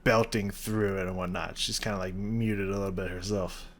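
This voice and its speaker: A man's voice: low-pitched, fairly even intonation, normal speed, heavy background noise. A man giving casual, enthusiastic commentary while reacting to a song, swearing freely and padding his talk with fillers. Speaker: music reaction youtuber.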